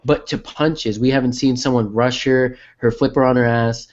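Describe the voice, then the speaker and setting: A man's voice: mid-range voice, steady tone, moderate pace. A man with a mid-range voice argues his point in a casual podcast chat, blunt and profane. The recording sounds dull and lo-fi. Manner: argumentative, makes his case with profanity. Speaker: podcast co-host.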